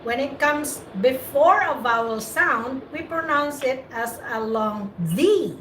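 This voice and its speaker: A woman tutoring English pronunciation in a casual, patient way, explaining rules slowly. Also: high-pitched, bright, forceful tone, slight background noise. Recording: echoey room, distant mic.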